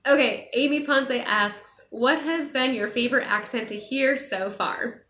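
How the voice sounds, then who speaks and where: A young woman chats casually with viewers, answering their questions in an animated way. Her voice sits on the higher side. The room has a noticeable echo. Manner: chatty, animated, quick laughs. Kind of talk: casual chat. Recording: echoey room.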